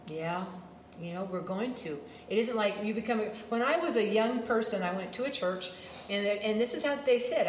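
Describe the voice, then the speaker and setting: A woman's voice: medium pitch, slight background noise. Woman preaching, keeps repeating herself, wanders off on tangents, roomy sound. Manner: emphatic, repeats phrases, drifts into side stories. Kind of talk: sermon.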